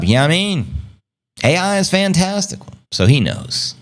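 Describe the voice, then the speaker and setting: A man hosting a casual livestream, rambling upbeat and slangy, reading out viewer comments and giving shout-outs. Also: on the high side, big pitch swings, moderate pace. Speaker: crypto livestream host.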